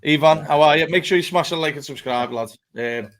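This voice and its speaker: A man's voice: on the high side, fairly quick, a bit bright. A man hosting a live football fan show, chatty and laughing, swearing freely as he talks. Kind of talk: casual live-stream chat.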